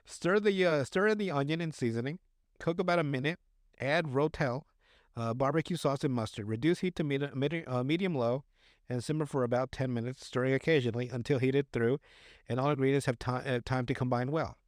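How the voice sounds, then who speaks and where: This podcast co-host has a medium-pitched voice and talks briskly, captured in a dry, studio-quality recording. Reading recipes during casual banter, he fumbles words and jokes crudely.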